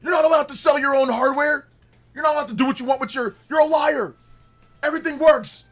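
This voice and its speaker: A livestream host doing a mocking impression of a loud, insulting male gaming fanboy. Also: extremely high pitch, fast talker, faint music behind, voice pushed up. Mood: mocking, shrill. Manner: loud mocking shouts with laughs.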